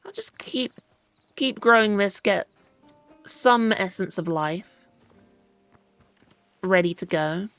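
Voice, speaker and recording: Soft music plays behind this British gaming channel host as she narrates a let's play in a mid-range, slightly bright voice. She's animated but slow, pausing often, poking fun at herself and chatting to things on screen.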